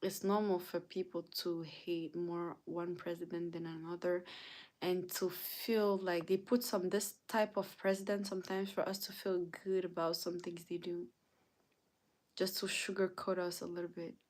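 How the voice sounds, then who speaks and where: A woman's voice: lowish voice, flat delivery, moderate pace, a little mellow. A young woman hosting a livestream, chatting casually and teasing her viewers with playful, dramatic asides. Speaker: livestream host.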